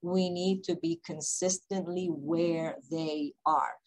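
A woman who founded a company, speaking on a video call panel with emphatic, deliberately slow, repetitive points. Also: on the low side, steady tone, darkish tone, low-quality recording. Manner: emphatic, repeats key points, speaks slowly on purpose.

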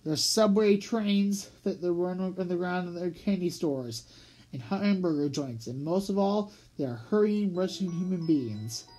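A storybook reader voicing Harry, a calm, worldly young city cat who talks low, purring and drawn out. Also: normal speed, close to an everyday voice, low-quality recording. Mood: coaxing.

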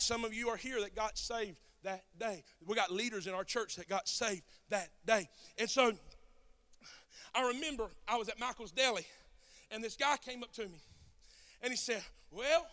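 A male pastor, telling a story then preaching loudly in a singsong cadence. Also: high voice, moderate pace. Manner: Southern dialect, "ain't", "y'all", "fixing to". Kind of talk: sermon.

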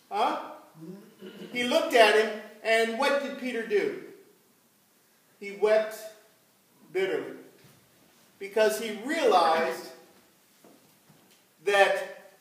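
A man preaching as pastor, telling the story slowly and asking his congregation questions. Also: extremely high pitch. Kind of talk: sermon. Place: church. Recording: echoey church from far off.

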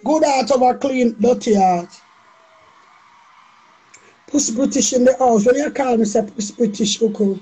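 A Jamaican woman talks casually on a live stream, playful and boastful. Her voice sits high but mellow, and she often repeats a phrase in a sing-song chant. Faint music plays in the background. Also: unhurried, pauses often, husky.

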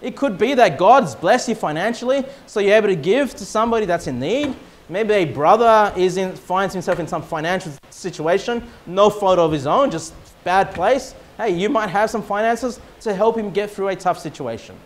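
A man with an Australian accent preaching a sermon in church, reading scripture slowly and loudly, then explaining it with emphatic rises. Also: high-pitched, lively intonation. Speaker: pastor.

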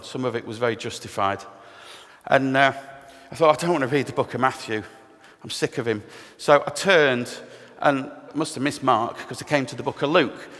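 A middle-aged man tells his conversion story to a church, his voice sitting at an ordinary pitch. He speaks candidly and pokes fun at himself now and then. His words ring out with a long reverb through the church hall. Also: fairly bright tone. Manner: candid, self-deprecating, storytelling with humor. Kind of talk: personal testimony talk.

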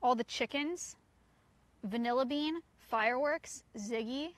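A young woman who owns a sanctuary streams live outdoors, chatting casually with her chat and coaxing her goats and other animals. Her voice is high-pitched and measured in pace, with no echo.

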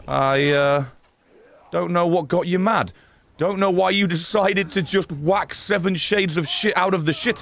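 A streamer riffs sarcastically at the game, mocking its characters as he plays. His voice is a little high for a man and very animated. He swings up and down as he reacts. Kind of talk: live gameplay commentary.

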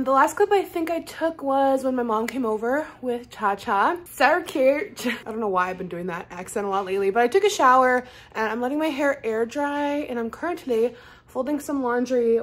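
A young woman casually vlogging at home to camera, chatty and giggly, full of "like" and "um". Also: fairly high pitch. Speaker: lifestyle vlogger. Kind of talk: casual vlog chat to camera. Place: at home, bedroom.

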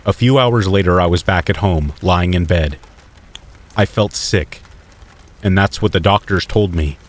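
A man reading a scripted first-person horror story in a steady, measured way. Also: low-pitched.

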